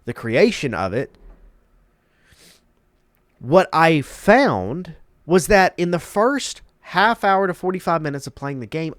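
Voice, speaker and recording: A man's voice: fairly high pitch, no echo, studio quality. A congested man hosting his own channel, giving emphatic, opinionated commentary and repeating key words for effect. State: congested, stuffed-up nose. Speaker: channel host.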